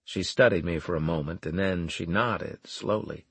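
A man narrating a first-person story in a plain, wry, steady manner. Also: sits low, normal speed, husky, no room sound. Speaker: audiobook narrator.

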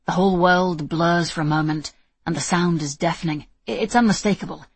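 A woman's voice: fairly low pitch, a little fast, breathy edge, no echo. A woman voicing a determined young woman under fire, speaking tersely and urgently. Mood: shaken. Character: tense determined young woman time traveler.

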